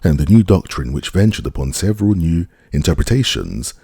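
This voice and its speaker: A man reading a classic novel aloud as an audiobook narrator, with measured, expressive delivery. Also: low voice, husky, dry recording, clean studio sound. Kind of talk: scripted narration.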